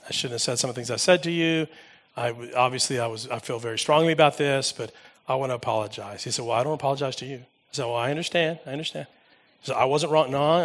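A male pastor giving a sermon, telling personal stories with lively swings from loud emphasis to quiet asides. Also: mid-range voice.

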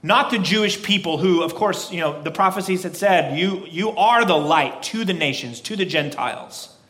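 A man with a fairly high voice delivers a sermon as pastor. He speaks emphatically, repeating key phrases with a slow, stressed preaching cadence. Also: a bit bright.

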